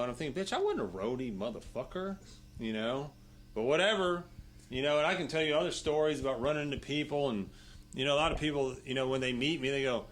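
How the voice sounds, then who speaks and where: Man, casual interview guest, bright forceful voice, rambling, swears a lot, says "you know" and "right" constantly. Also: on the high side. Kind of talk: casual storytelling.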